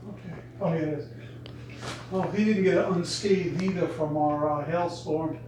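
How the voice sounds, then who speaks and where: A woman's voice: on the low side, fairly even intonation, normal speed, roomy sound. A woman at home giving short offhand replies from across the room. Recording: faint, distant voice with loud noise.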